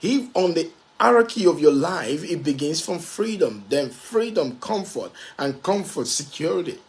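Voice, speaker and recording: A man's voice: on the high side, sing-song, moderate pace. A man giving a motivational talk to an audience, speaking emphatically and repeating key phrases for stress, at times spelling out words letter by letter.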